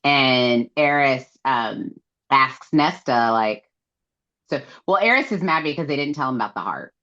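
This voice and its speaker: A woman's voice: extremely low pitch, expressive, a little slow, pushed and bright, lo-fi sound. A woman co-hosting a casual book podcast, retelling scenes and quoting the characters with lots of fillers. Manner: retells scenes with quoted lines, many fillers. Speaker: podcast co-host. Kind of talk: casual book recap chat.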